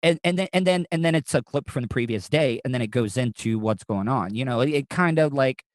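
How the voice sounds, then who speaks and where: Male podcast host, casual chat, rambling, restarts, swearing, mid pitch, dry sound. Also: brisk, no echo.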